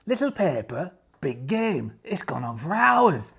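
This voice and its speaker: A man narrating a solo tabletop game as host, chatty and animated with jokey asides, his voice tired and strained. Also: on the high side, a little slow, gravelly, slightly rough.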